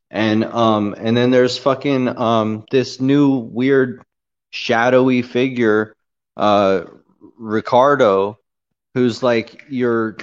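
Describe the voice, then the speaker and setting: Profane rambling man on a dull lo-fi recording. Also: on the low side. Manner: profane, rambling, heated storytelling. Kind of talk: casual ranting monologue.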